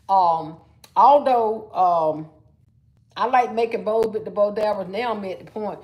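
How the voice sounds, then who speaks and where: A middle-aged woman hosting a casual livestream, chatting in a folksy, talkative way and calling her viewers y'all. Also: medium pitch. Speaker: livestream host, gift-wrapping crafter.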